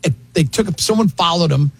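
A host chatting and telling an anecdote, with a voice that is very raspy and gravelly. He sits a bit higher than most men and sounds close and dry. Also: fairly quick, fairly bright tone, dry recording. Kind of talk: casual chat.

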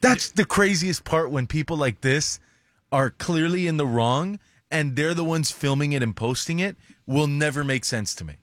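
A man's voice: a little high, lively intonation, moderate pace, fairly bright tone, dry recording. A man working as a radio show producer, chiming in with matter-of-fact remarks in casual studio chat.

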